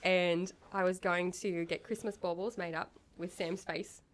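A woman's voice: on the low side, steady tone, a little slow, slight background noise. A woman hosting a casual chat, teasing and laughing easily. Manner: giggly, teasing. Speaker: podcast host.

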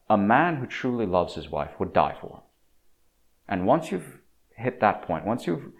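A man with a deep, low-pitched voice talks at length in an opinionated monologue. His delivery is emphatic and preachy. He often stumbles, restarts and repeats words as he pushes his point.

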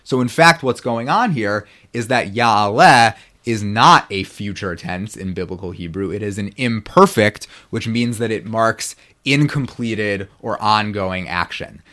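A Bible scholar appearing as a podcast guest explains biblical Hebrew like a teacher, often checking in with "right?" and taking care over Hebrew pronunciation. His voice is on the low side and sharp, measured in pace with hardly any pauses.

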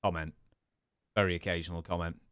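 A man's voice: low-pitched, little pitch movement, brisk, a bit bright, clean tone. A man with an English accent co-hosting a podcast, chatty and self-deprecating in casual talk. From England. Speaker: podcast co-host. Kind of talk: casual chat.

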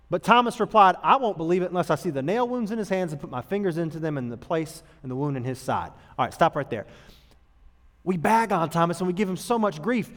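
A man preaches a sermon in a chatty, humorous way, slipping into quick impressions of the people he quotes. His voice sits a little high for a man. The sound rings with the long reverb of a large hall. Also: very animated. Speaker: pastor.

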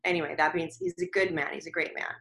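A woman's voice: sits low, steady tone, fast talker, creaky, fairly bright tone, rough recording. A woman guest in a casual interview, chatty and eager as she relays messages she says she receives. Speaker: guest medium.

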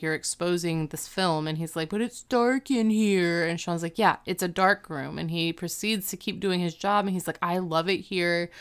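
A woman's voice: lowish voice, clean tone. A woman co-hosting a casual podcast, retelling a TV episode and acting out the characters' lines. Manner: animated retelling, acting out quotes. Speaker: podcast co-host recapping a TV episode. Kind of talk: casual chat.

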